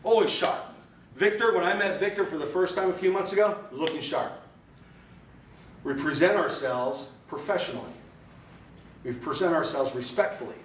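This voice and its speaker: A man giving a motivational club speech in punchy, repeated phrases, with a fairly high voice. His voice rings around a roomy meeting room, picked up from a distance with faint noise behind. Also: moderate pace, pauses often. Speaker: club speaker. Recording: echoey room from far off.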